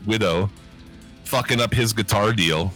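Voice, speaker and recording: A man's voice: on the low side, unhurried, fairly bright tone, faint music behind. A man co-hosting a podcast in casual chat, rambling with many fillers and frequent swearing. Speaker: podcast co-host.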